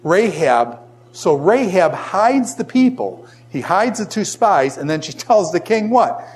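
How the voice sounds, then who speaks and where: Man with a Boston accent, fairly high voice, teaching Scripture to a class with a stream of questions. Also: unhurried. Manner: animated, fires rhetorical questions at the class. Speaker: Bible teacher. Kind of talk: classroom Bible lesson.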